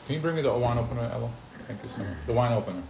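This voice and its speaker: Animated man teaching in a roomy space. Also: mid-range voice, rapid-fire, gravelly. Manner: animated, gets worked up and loud, then drops to quiet asides. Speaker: teacher of a class. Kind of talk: informal live teaching talk to a small group. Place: room with a small live audience. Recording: roomy live recording with faint noise.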